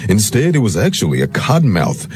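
Male reporter, deep, very husky, mellow, lively pitch. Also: a little fast. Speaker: news reporter. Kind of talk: scripted news report.

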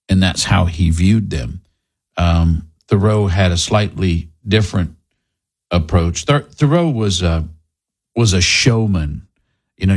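A man hosting a political commentary show, talking in a sarcastic, opinionated way with frequent fillers. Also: on the low side. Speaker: host.

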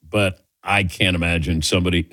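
A man's voice: low-pitched, brisk, no room sound. A middle-aged man from the American Midwest hosting a sports radio show, joking and laughing easily as he tells stories. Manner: jokey, laughs easily, animated storytelling.

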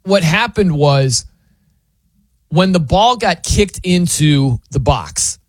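A sports radio host delivers a casual monologue, telling a jokey story and animatedly acting out what people said. His voice is fairly high and slow, recorded dry with clean studio sound.

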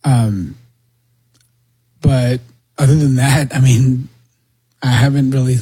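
A man in a casual talk-show chat, answering in a hesitant, halting way with many fillers. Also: medium pitch, fairly even intonation, dark tone, husky, dry recording, low-quality recording.

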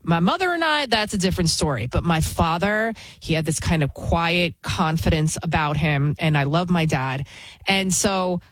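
Her voice is lowish and animated at normal speed, captured with no echo but poor audio. A TV news host talking casually on her own, she is frank and opinionated, wandering off track and restarting sentences as she goes.

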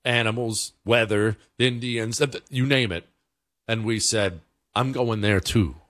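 Low-voiced man, dry emphatic commentary. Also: a little slow, no room sound. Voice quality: conversational, emphatic, excitable pitch jumps. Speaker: commentary show host. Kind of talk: casual political commentary.

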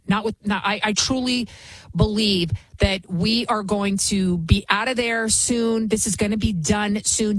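Heated female host, husky tone, dry recording, driving monologue. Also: mid-range voice, no echo. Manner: emphatic, heated, repetitive with many restarts. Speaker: commentary show host. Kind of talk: opinion monologue.

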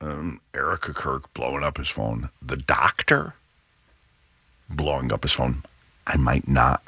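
A man's voice: very deep voice, sharp tone, slightly rough, no echo. A middle-aged man hosting a radio talk show, rambling casually with frequent restarts.

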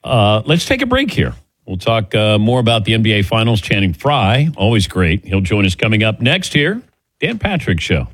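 A man's voice: on the low side, huge pitch swings, normal speed, a bit bright, no room sound. A middle-aged man hosting a sports radio show, joking wryly and teasing himself. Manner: wry, self-deprecating joking. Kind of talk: casual sports talk radio.

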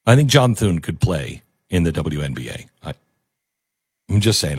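A man's voice: low voice, big pitch swings, normal speed, slightly rough, dry recording, clean studio sound. A man hosting a talk radio show, chatting casually and sarcastically with plenty of fillers and jokes. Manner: sarcastic, joking, loose with fillers.

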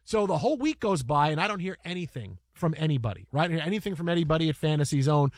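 Fast, animated man telling a story. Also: fairly high pitch, dry recording, studio quality. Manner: animated, rapid storytelling with restarts. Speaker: podcast host and broadcaster. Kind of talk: casual storytelling chat.

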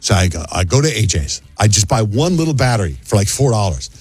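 Fast-talking husky radio host man. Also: lowish voice, no echo. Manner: animated storyteller, acts out sounds and quotes. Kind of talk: casual storytelling on morning radio.

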